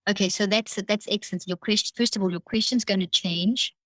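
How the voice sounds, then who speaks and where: Woman explaining with animated quoted self-talk. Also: medium pitch, fairly quick, dry recording, rough recording. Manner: animated, explains at length with quoted inner speech. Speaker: cognitive neuroscientist guest.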